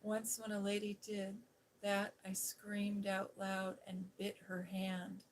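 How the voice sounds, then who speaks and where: A woman voicing a sullen, sickly little boy in a storybook, keeping close to her own soft voice. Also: mid-range voice, completely flat delivery, slow, slight background noise, close to an everyday voice, rough recording. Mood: resentful.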